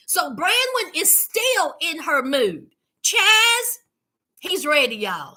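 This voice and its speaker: Very high, bright-voiced sassy woman. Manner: sassy, dramatic, calls listeners honey and child. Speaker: YouTube reality-TV recapper. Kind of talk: casual commentary recap.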